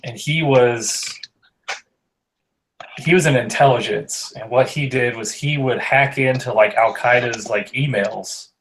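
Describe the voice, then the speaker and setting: A man's voice: mid-range voice, a little slow, fairly bright tone, slight background noise, rough recording. Rambling man telling a story. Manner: rambling, heavy on "like". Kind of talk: casual storytelling chat.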